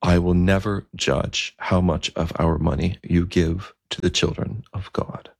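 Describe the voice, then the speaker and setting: A man's voice: low-pitched, fairly even intonation, a little slow, creaky, dry recording, clean studio sound, full character voice. A man voicing an earnest, humble young king who questions his bishop in a pleading tone, within a spoken story.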